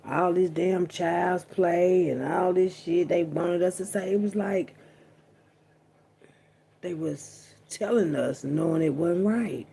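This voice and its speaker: A woman vlogger holds forth in a loose, rambling monologue, cursing freely and leaning hard on drawn-out words. Her voice has a gravelly, fry-laden edge, and its tone is dark and mellow. She keeps tossing in little asides as she talks. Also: lowish voice. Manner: profane, animated, drawn-out emphasis, frequent asides. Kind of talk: casual rambling monologue to camera.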